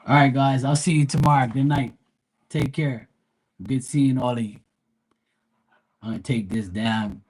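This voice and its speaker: A man's voice: medium pitch, darkish tone, breathy edge, poor audio. A man hosting a live tarot stream from home, chatting casually and rambling, with some swearing.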